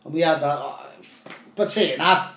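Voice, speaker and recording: A man's voice: a little high, normal speed, a bit bright. Laid-back Welsh man in an echoey room. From Wales. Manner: laid-back, agreeable, sweary. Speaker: podcast co-host. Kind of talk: casual chat. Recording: roomy echo.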